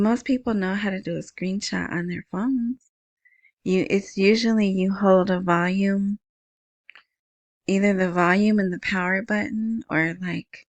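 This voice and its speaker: A woman with a small, soft voice talks unhurriedly, drifting from point to point as she hosts her podcast. She speaks into an earbud mic, and the sound is close and dry, with no room around it. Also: mid-range voice, no room sound. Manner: rambling, chatty, self-interrupting. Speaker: podcast host. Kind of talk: casual solo podcast talk. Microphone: wired earbud mic.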